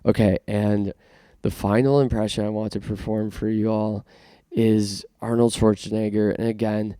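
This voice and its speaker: A man's voice: on the low side, little pitch movement, moderate pace, mellow, clean tone, no echo, clean studio sound. A man from Canada hosting a casual podcast monologue, self-conscious and rambling with many restarts. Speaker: podcast host.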